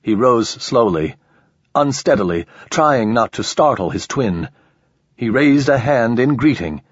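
Husky low-voiced male narrator. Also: no room sound, muffled recording. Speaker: audiobook narrator. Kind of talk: scripted narration.

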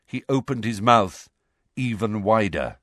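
Lively man narrating a storybook, expressive, close and dry. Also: fairly low pitch, a little slow, no room sound. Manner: expressive, varied delivery. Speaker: audiobook narrator. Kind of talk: storybook reading with character voices.

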